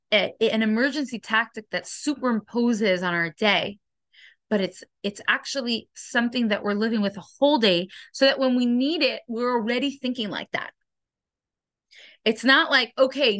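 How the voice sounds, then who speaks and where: A woman giving an inspirational religious lesson as a program host, earnest and emphatic, asking rhetorical questions in quick bursts. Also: on the high side, bright, forceful tone, no room sound.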